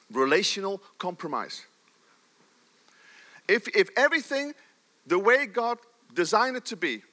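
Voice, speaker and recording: High, bright-voiced middle-aged male pastor. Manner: animated, swings from loud emphasis to soft low asides. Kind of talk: sermon.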